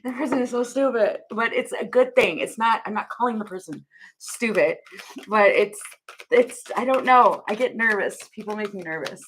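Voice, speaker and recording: A woman's voice: mid-range voice, fairly bright tone, a little hiss or hum. Giggly rambling woman reading tarot. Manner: giggly, rambling, thinks aloud with frequent laughs. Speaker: tarot reader. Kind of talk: casual tarot reading to camera.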